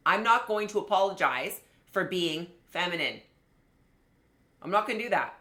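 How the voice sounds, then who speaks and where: A woman coaching a live online class, her voice low-pitched yet bright and forceful. She speaks in an animated, chatty way, talking straight to viewers. The sound carries a roomy echo. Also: normal speed. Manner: animated, conversational, addresses viewers directly. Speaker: business coach. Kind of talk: live online masterclass teaching.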